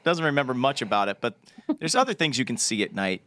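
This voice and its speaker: A man's voice: mid-range voice, lively intonation, quick pace, bright, forceful tone, no room sound. A man hosting a podcast, reading listener questions aloud in an easygoing, casual way. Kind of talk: casual chat.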